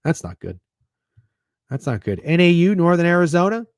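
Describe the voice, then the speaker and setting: A man rambles his way through a casual sports betting stream, sarcastic and swearing freely. His pitch swings up and down with lots of life. The sound is dry and close, with no room echo. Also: very animated, normal speed, smooth. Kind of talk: casual livestream chat.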